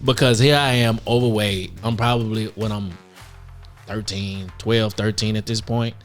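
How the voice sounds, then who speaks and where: A podcast co-host in his fifties chats casually, telling self-mocking stories with frequent laughs. His voice is fairly low, steady in tone, and at normal speed, with soft music in the background.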